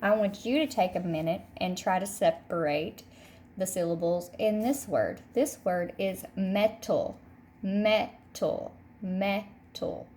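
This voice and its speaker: A woman teacher leads a recorded phonics lesson for young children. Her pitch sits mid-range, and she speaks at an unhurried, deliberate pace. She repeats each word slowly so the class can follow. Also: warm tone, slight background noise. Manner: slow, patient, repeats each word twice. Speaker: third grade teacher.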